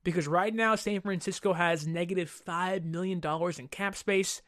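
A man's voice: high-pitched, steady tone, normal speed, fairly bright tone. A man hosting a casual sports talk show, giving strong opinions while often hedging and thinking aloud. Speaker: sports podcast host.

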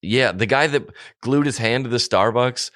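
A podcast co-host rants animatedly in casual conversation, mocking people through put-on quotes. His voice is medium-pitched and a bit bright at normal speed, captured in a dry, studio-quality recording.

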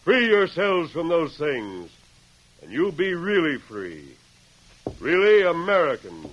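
An actor playing a masked western hero in a 1940s radio drama, giving a stirring, declamatory speech, on a dull old broadcast recording. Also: male voice, a little high, wildly swooping pitch, slow pace, fairly bright tone, heavily acted. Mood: rousing.

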